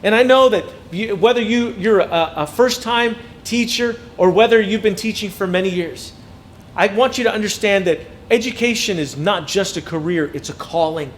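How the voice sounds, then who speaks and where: A man's voice: sits high, moderate pace, a little hiss or hum. A man in his thirties telling personal stories as a motivational speaker to educators, acting out quotes and often repeating words. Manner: animated storyteller, acts out quotes, repeats words. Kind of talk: storytelling keynote speech.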